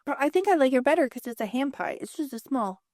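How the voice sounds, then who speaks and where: A woman's voice: high-pitched, lively intonation, quick pace, darkish tone, no room sound, studio quality. A woman in her thirties co-hosting a podcast, telling stories in a chatty way with lots of fillers. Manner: chatty, storytelling, many fillers. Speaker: podcast co-host. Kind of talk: casual chat.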